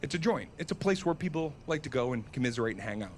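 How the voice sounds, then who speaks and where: A man's voice: mid-range voice, animated, quick pace, a little hiss or hum. A man telling a comic story as a solo podcast host, self-mocking and laughing at his own tale. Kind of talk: comedic storytelling.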